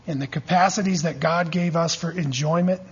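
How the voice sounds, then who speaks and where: A man's voice: a little high, steady tone, normal speed, husky, lo-fi sound. A man preaching a teaching sermon, checking in with his listeners again and again with call-and-response asides. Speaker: pastor teaching a church class.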